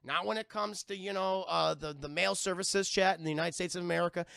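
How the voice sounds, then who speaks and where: A man recapping a cartoon episode for a live-stream chat, talking in an energetic, profane, and animated way. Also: high voice, brisk, gravelly, smooth, dry recording, studio quality. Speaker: livestream cartoon reviewer.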